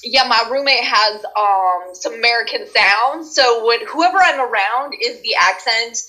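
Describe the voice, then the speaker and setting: A woman's voice: a little high, unhurried, bright, forceful tone, rough recording. A Canadian woman with a Canadian accent, a voice actress chatting animatedly as a guest in an interview and laughing often. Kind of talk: casual interview chat.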